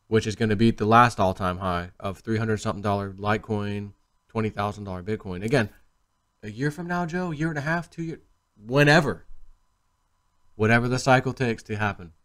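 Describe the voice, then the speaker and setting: A man talks casually to camera in a vlog, rambling and animated, acting out quotes as he tells stories. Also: fairly low pitch. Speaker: crypto video host.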